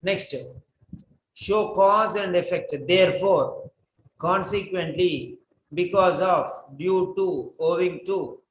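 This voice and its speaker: A man's voice: high voice, fairly even intonation, takes it slowly, a little hiss or hum. A man teaching an English writing class, giving a lecture and drilling instructions by repeating them again and again. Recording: echoey room.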